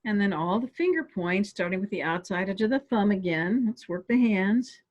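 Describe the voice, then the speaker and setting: A woman calmly guiding listeners step by step through a stress relief tapping exercise on a video call. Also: mid-range voice, moderate pace, highs cut off. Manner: calm step-by-step coaching. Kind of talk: guided tapping exercise instruction. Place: home office on a webinar.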